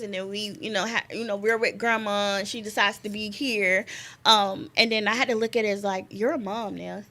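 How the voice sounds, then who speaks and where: A young woman, a guest telling a personal story in an animated way, laughing often and repeating words. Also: mid-range voice. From North Carolina, US. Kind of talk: casual conversation, personal story.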